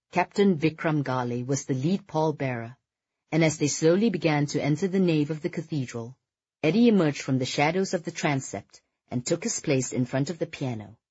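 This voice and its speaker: A narrator reading a novel aloud in a measured, even storytelling manner. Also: medium pitch, breathy edge, no echo, dull audio. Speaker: audiobook narrator. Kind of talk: scripted audiobook narration.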